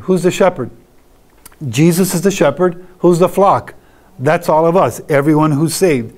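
A man's voice: a little high, moderate pace, darkish tone. A man teaching a church doctrine class in a conversational way, asking his listeners questions and answering them. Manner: conversational, asks rhetorical questions.

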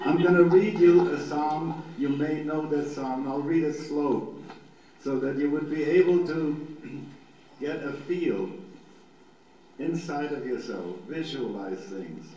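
An older man in his seventies leads a meditation lecture and reads scripture in a gentle, unhurried way, leaving long pauses. His slow delivery rings through a very echoey hall, with faint noise behind it. He speaks at a middling pitch. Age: 70s. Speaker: rabbi giving a lecture. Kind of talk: guided meditation teaching and slow scripture reading.

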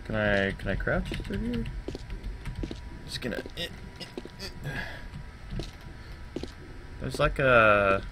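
A man narrates his horror game session at an unhurried pace, rambling and cursing under his breath. When frightened he breaks into sharp, high yelps. A clear layer of background noise runs under the voice. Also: big pitch swings. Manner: babbling and swearing when scared; jumps to loud high yelps. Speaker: gaming YouTuber. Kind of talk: horror game let's play commentary.

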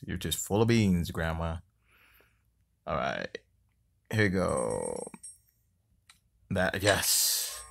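A man's voice: low-pitched, creaky, a bit bright. A man giving casual let's-play commentary on a mobile game, exasperated and cursing at it, sometimes mocking the enemy, recorded on a phone mic. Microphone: phone screen-recorder mic.

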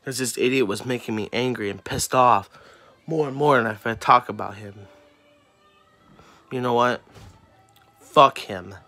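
A teenage boy vents in a heated, profane rant, swearing at nearly every turn. His voice sits in a middle pitch and comes out bright and forceful, full of exasperation. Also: measured pace, long pauses, soft background music. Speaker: student venting on camera. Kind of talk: angry ranting vlog.

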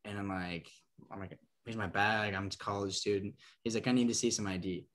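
A young man from Nebraska, a podcast guest, talks a little fast in a fairly low voice while telling a long, rambling story. Peppered with "like" and "um," his casual storytelling includes lively quotes acting out the people in it.

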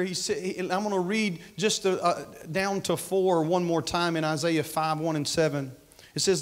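A man preaching a sermon as pastor, fervent, repeating phrases and calling out to the congregation. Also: a little high. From United States. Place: church sanctuary.

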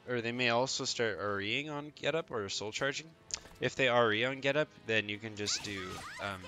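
Speaking in a lowish voice, a man walks through fighting game moves in a casual tutorial. He keeps it relaxed, peppering his explanations with "um" and "right?"

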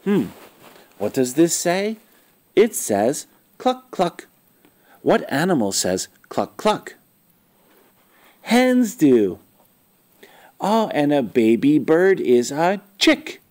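A man's voice: on the high side, very animated, takes it slowly, long pauses, darkish tone. A man reading a picture book aloud to children, asking them questions and sounding out animal noises. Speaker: storyteller for children.

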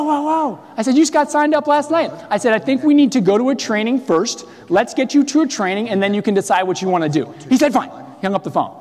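A man with a high voice gives an energetic motivational seminar talk in a hall, his words ringing out with a long reverb. He tells his stories lively and acts out the voices of the people in them. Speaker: business trainer.

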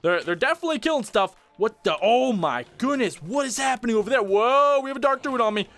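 A young man giving excited, exclamatory commentary while playing and showcasing a game mod, chatting to his viewers. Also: extremely high pitch, quick pace. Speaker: gaming YouTuber. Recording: faint background music.

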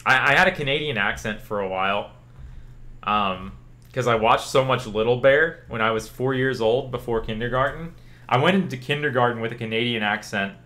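A young Louisiana man streams and chats casually with his viewers, his voice mid-range and his pace normal. He rambles loosely, answers questions from chat, and keeps dropping "like" in a relaxed, talkative way.

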